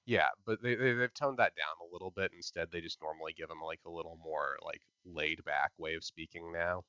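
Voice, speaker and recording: A man with a very low voice and a bright, forceful edge talks loosely through an anime recap, leaning on filler words. His dry, close, somewhat dull podcast mic gives it a lo-fi sound. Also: fairly quick, no echo. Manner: loose and explanatory, many "like" fillers, laughs easily. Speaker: podcast co-host. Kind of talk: casual anime recap chat.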